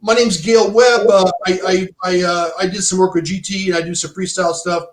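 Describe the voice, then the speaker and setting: A former bike shop owner, middle-aged, tells loose, rambling stories as a podcast guest, full of false starts and "dude." He speaks fairly quickly in a high voice with little pitch movement, recorded in an echoey room.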